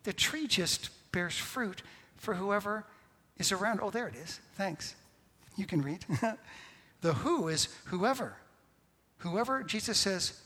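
A man pastor preaching a sermon, swinging from hushed, whispered lines to loud, emphatic ones. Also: high-pitched, expressive, unhurried. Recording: reverberant hall.

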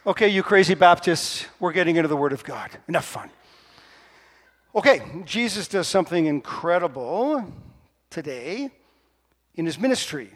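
A man preaching a sermon in a lively, playful, conversational way to his congregation. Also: on the high side, normal speed, pauses often. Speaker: pastor. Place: church sanctuary. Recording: long reverb of a church hall.

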